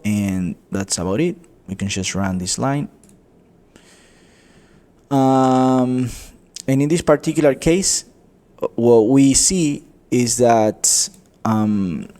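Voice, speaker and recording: A man teaching a coding tutorial, explaining step by step, often calling viewers "guys" and pausing with fillers. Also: medium pitch, a little mellow. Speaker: economics tutor. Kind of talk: screen-recorded coding tutorial.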